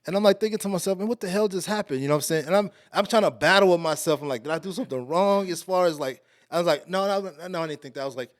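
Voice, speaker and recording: A man from Texas, a podcast guest, telling a story in a casual, slangy, animated way. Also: racing, hardly any pauses, no room sound, studio quality. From Alief, Houston, Texas. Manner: animated, slangy, getting louder and higher as the story builds.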